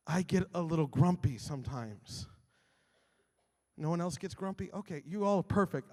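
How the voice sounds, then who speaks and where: A man's voice: a little high, big-room sound. A male pastor preaching a sermon, telling stories animatedly and acting out his own grumbling.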